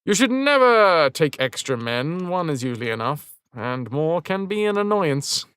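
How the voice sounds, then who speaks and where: A man's voice: fairly high pitch, sing-song, a little slow, a bit bright, smooth, no echo. A man casually commentating on a game during a live stream, chatting with viewers and swearing when things go wrong. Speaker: livestream gamer.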